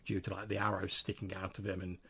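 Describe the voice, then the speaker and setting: A man's voice: low voice, completely flat delivery, fast, creaky, a crowd in the background. A man narrating as game master in a casual, descriptive manner, full of filler words.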